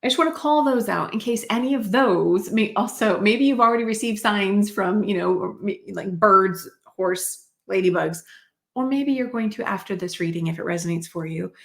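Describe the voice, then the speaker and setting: A woman's voice: mid-range voice, normal speed, creaky, fairly bright tone. A woman giving a spiritual card reading to camera in a chatty, rambling way, with many fillers and asides. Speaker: card reader.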